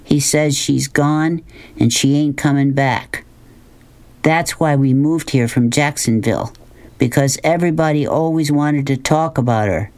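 A man voicing a shy, guarded young boy who speaks quietly and reluctantly. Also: on the high side, a little slow, voice pushed up. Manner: quiet, reluctant, plain-spoken.

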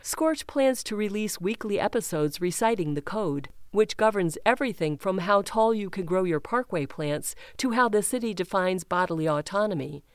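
A woman reading a news feature aloud in a measured, even way, first describing a photograph and then telling the story. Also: mid-range voice, smooth, dry recording, clean studio sound. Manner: measured, even, reads quotes without acting them. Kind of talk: scripted news narration with image description.

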